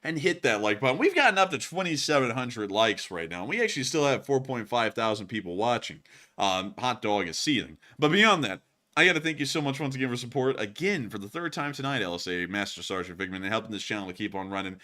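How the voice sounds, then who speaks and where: A man's voice: medium pitch, expressive, fast talker, sharp tone. A man who is feeling under the weather, hosting a live stream and answering chat questions with set sign-offs. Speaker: host.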